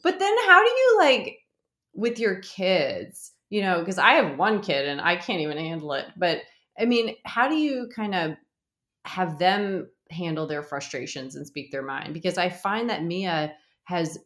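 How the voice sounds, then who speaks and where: A woman's voice: lowish voice, sing-song, a little slow, fairly bright tone. A woman in her thirties chatting casually and animatedly about marriage and parenting, laughing often. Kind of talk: casual chat. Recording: echoey room.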